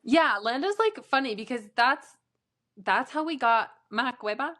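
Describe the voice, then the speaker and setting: A woman's voice: high-pitched, lively intonation, a little slow, pushed and bright. A young American woman co-hosting a casual podcast chat, gushing and laughing often. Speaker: podcast co-host.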